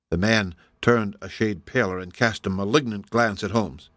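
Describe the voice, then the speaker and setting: A man narrating a classic story in a formal, even storytelling manner on a close microphone. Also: fairly low pitch, moderate pace, hardly any pauses, dry recording. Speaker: audiobook narrator. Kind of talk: scripted narration.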